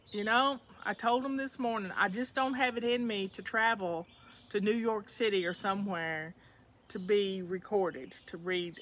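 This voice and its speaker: A woman's voice: a little high, pushed and bright. A woman with a Southern accent hosting a casual chat from home, folksy and chatty, talking to her viewers as y'all. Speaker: livestream host.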